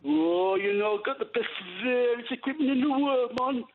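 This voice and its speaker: A man's voice: very high-pitched, lively intonation, normal speed, creaky, exaggerated voice. A male caller on a phone line voicing an exaggerated, cheeky North East English man with a broad put-on Geordie accent. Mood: playful. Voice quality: broad, sing-song put-on dialect.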